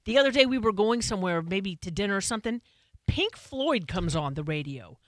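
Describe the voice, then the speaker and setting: A woman co-hosting a casual show in a studio, exclamatory and quick to laugh. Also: mid-range voice, expressive, no echo. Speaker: co-host. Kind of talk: casual radio-show chat. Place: broadcast studio.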